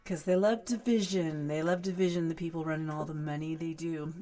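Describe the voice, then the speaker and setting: A woman with a West Coast American accent, a folk singer hosting her live stream and chatting excitedly with viewers between songs. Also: on the low side, brisk, few pauses, faint music behind. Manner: chatty, excitable, greets viewers warmly by name. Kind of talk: casual chat between songs.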